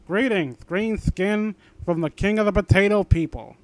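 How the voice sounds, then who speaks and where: A man's voice: sits high, moderate pace, dry recording. A man reading as a glib young adventurer.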